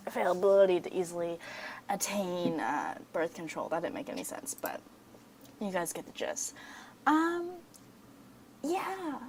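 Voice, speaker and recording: A woman's voice: medium pitch, a little hiss or hum. Woman podcast host with a Southern US accent; loose, profane, rambling delivery full of ums. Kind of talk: casual podcast chat.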